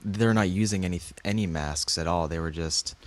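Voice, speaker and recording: A man co-hosting a podcast in casual chat, halting and hesitant with many fillers. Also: deep voice. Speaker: podcast co-host.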